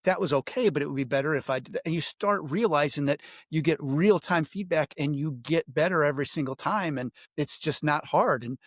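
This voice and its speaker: A man hosting a business interview, talking in a relaxed, thoughtful, conversational way. His voice is a little high and the recording is dry and close. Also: brisk, hardly any pauses, dry recording. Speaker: interview host. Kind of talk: casual interview chat.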